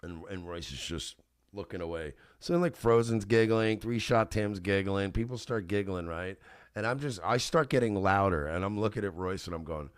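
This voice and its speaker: A man with a fairly low voice tells a rambling story on his radio show. He is animated, swears freely and breaks into laughter. The recording is dry and close, with no room sound. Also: normal speed, no echo. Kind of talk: casual storytelling.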